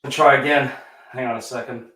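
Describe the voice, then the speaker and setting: A man's voice: medium pitch, steady tone, fairly quick, pushed and bright, reverberant. A man co-hosting a live movie stream, muttering and swearing freely under his breath. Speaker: co-host. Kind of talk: casual live stream chat.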